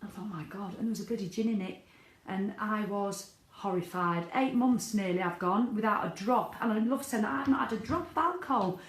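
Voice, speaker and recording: A woman's voice: medium pitch, a little fast. Chatty woman in an echoey room. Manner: chatty, candid, swears freely. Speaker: vlogger. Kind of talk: casual video diary.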